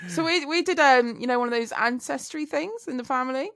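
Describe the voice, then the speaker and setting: Gravelly-voiced chatty woman. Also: high voice, fairly quick, no echo, studio quality. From Britain. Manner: chatty, giggly storyteller. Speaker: podcast co-host. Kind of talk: casual chat.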